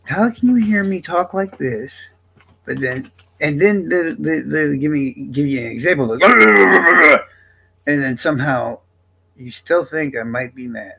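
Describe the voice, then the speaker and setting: Gravelly, blunt live-streamer man. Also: a little high, moderate pace, rough recording. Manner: blunt, exasperated, profane. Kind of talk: casual live-stream chat.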